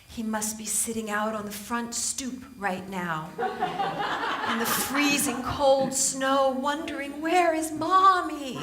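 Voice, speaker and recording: A woman voicing a fretful, nagging old mother gnome who coos guilt trips in a soft, slow voice. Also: high voice, roomy sound, a loud crowd, voice pushed up. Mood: guilt-tripping.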